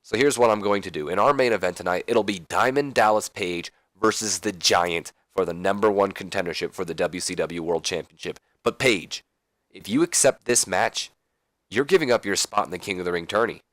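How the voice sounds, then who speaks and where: A man doing a slick young wrestling promoter, all showman energy. The voice is pushed a bit higher than a plain speaking voice and stays loud and upbeat. The recording is dry and close. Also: a little fast, no room sound. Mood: hyped. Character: smooth-talking young male wrestling promoter hyping a crowd.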